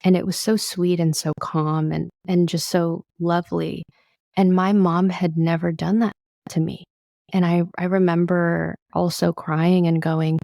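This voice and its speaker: Host: woman, slightly low voice, affirming, chatty, dry studio sound. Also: level tone, unhurried, vocal fry, dark tone, dry recording. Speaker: podcast host. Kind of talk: conversational interview hosting.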